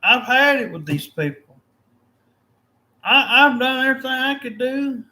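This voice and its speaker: A man with a high, bright and forceful voice rants angrily, cursing in nearly every line. He sounds tired and fed up, and he talks in a loose, casual way. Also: animated, unhurried. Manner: angry, profane ranting. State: weary and fed up. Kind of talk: casual rant.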